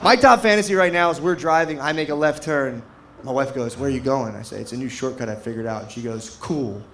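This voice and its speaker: A man's voice: medium pitch, fast talker, background noise. A middle-aged man doing stand-up comedy, telling a rambling story in a laid-back way and acting out what people said. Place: comedy stage before a live audience.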